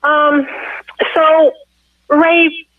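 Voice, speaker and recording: A woman in her forties speaks over a tinny telephone line with no room sound at all. Her voice sits high, and she talks in a casual, rambling way, stacking fillers and restarting her sentences as she tells a long story about her family and her husband's campaign. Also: flat delivery, very slow, no room sound. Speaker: phone guest, candidate's wife. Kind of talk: casual storytelling on a call-in interview. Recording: tinny phone line, dry.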